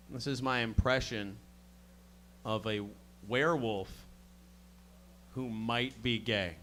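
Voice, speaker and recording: A man's voice: medium pitch, fairly even intonation, takes it slowly, pauses often, fairly bright tone, slight background noise. A male stand-up comedian on a club stage, swearing and mock-insulting the audience between jokes.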